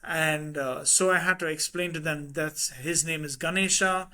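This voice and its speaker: A middle-aged man with an Indian English accent chats casually as a podcast guest. His voice sits a little high, and he spins animated family anecdotes, slipping into the voices of the people he quotes. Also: moderate pace. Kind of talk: casual conversational storytelling.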